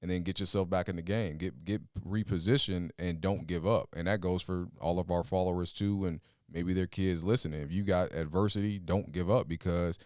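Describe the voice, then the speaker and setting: A man with a very low, smooth and resonant voice gives earnest life advice on a podcast. He talks in a steady, advising way with filler pauses. The sound is dry and close. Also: dry recording. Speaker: podcast co-host, father. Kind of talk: casual advice talk.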